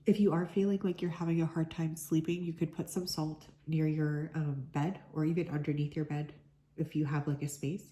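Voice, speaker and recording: A woman with a sick, hoarse voice giving a chatty collective card reading as a tarot reader, full of "like" fillers. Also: low-pitched, flat delivery, moderate pace, mellow. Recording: echoey room.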